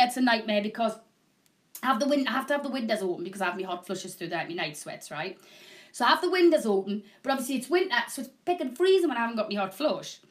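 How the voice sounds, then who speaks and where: Woman, middle-aged, shopping channel host, talkative, rambling, slightly high pitch. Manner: chatty, rambling, self-deprecating. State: having a hot flush. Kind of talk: live selling chat.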